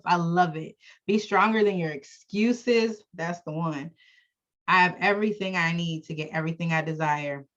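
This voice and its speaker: A woman coach hypes up a group over a video call, reading affirmations and cheering each one on. She talks with emphatic, animated energy at a mid pitch. The audio is slightly dull, as video call sound often is. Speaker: branding coach.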